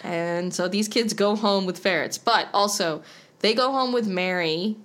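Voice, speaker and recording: A woman's voice: mid-range voice, unhurried. A woman co-hosting a casual podcast, chatting animatedly and finishing her partner's thoughts. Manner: chatty, animated quoting, fills in partner's points. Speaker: podcast co-host. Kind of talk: casual recap chat.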